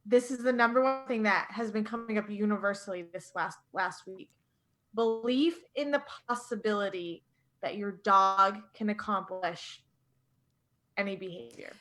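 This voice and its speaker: A woman dog trainer appearing as a podcast guest, telling stories in an animated, emphatic way. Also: mid-range voice, normal speed. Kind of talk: casual conversation, storytelling.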